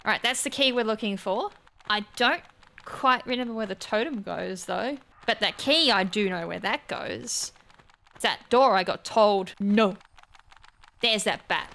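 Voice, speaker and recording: Woman, gaming host, bright tone, casual let's-play commentary, self-mocking, thinking aloud. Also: medium pitch.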